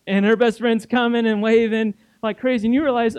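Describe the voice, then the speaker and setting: Young male youth pastor, high-pitched, animated and playful, dry recording. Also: brisk, smooth, no echo. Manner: animated, acts out scenes in playful voices. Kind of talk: casual sermon to youth group.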